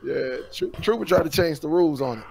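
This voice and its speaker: Laid-back male co-host, high gravelly voice, slow easy delivery. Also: expressive, darkish tone, slight background noise. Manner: laid-back, laughing, colloquial. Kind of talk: casual live stream chat.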